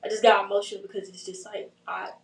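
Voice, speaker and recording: Flat-voiced young woman, reflective. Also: medium pitch, fast talker, gravelly. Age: 20s. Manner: soft-spoken, heartfelt, reflective. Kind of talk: casual chat. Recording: roomy sound from a distant mic.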